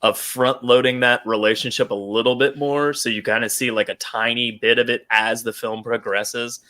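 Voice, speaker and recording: A man's voice: mid-range voice, level tone, moderate pace, pushed and bright. A man co-hosting a casual podcast chat, rambling with lots of fillers and acting out quotes. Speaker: podcast co-host.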